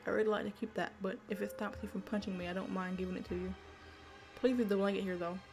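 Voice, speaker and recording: A woman's voice: medium pitch, fairly even intonation, quick pace, over music, natural voice. A woman voicing a timid, mistreated boy who talks nervously and tries to please. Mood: meek. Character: timid, beaten-down boy, meek and apologetic.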